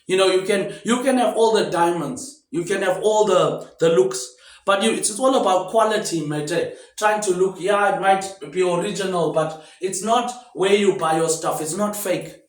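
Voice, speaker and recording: A man's voice: high voice, normal speed. A man in a rambling, casual monologue, drifting between loosely connected thoughts and ending nearly every phrase with "mate, eh". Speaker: vlogger. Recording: roomy echo.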